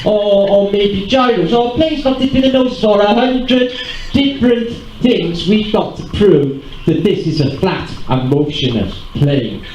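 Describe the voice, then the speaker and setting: A man giving an animated, rambling talk live to an audience. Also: high-pitched, unhurried, slight background noise. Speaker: convention speaker. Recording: roomy hall with faint ambience.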